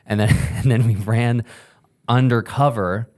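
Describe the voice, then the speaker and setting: A man co-hosting a podcast, telling a story in casual chat and acting out quotes in an animated way. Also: medium pitch, measured pace. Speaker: podcast co-host.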